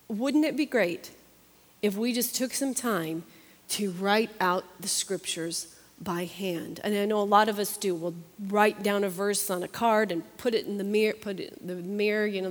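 Earnest woman teaching in a reverberant hall. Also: medium pitch. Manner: earnest, chatty, repeats herself for emphasis. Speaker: Bible study teacher. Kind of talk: conversational sermon.

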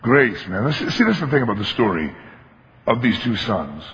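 Animated preacher, bright voice, echoing hall. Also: male voice, on the low side, moderate pace. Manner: animated, emphatic storytelling, acts out voices. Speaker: pastor. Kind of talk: sermon. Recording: long hall reverb, dull lo-fi sound.

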